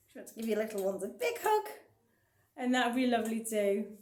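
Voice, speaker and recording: A woman's voice: on the high side, very animated, moderate pace, a little mellow, reverberant, a little hiss or hum. A woman librarian leading a baby rhyme and picture-book session, cheerful and encouraging as she talks to the little ones. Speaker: children's librarian.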